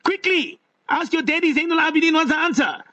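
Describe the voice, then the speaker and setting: A man's voice: extremely high pitch, brisk, pushed and bright, lo-fi sound. A man hosting a live radio call-in show, playful and coaxing, stretching words for emphasis. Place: radio studio.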